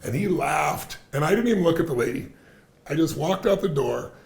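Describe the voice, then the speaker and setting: A man with a gravelly edge and a slightly higher voice than most men, speaking emphatically and stacking repeated phrases. He is heard in a roomy, echoey space that gives his words a lingering tail. He tells stories in an animated, conversational way. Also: a little fast. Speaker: podcast guest. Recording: roomy echo.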